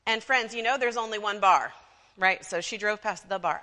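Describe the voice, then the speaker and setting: A woman's voice: medium pitch, moderate pace, bright, forceful tone. A woman pastor preaching a storytelling sermon in a church, talking conversationally with frequent asides to her congregation. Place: church sanctuary. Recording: long reverb of a church sanctuary.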